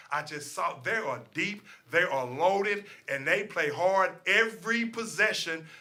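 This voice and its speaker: Fired-up high-voiced sports host. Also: male voice, bright, forceful tone. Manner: opinionated, ranting, profane, repeats himself. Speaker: sports talk show co-host. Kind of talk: heated casual sports talk.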